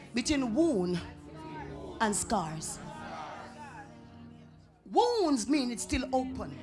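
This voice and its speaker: A Jamaican woman preaching a revival sermon in a church, dropping to whispers and rising to shouts. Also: sits high. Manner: swings from whispers to shouting, chanted tongues. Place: church sanctuary.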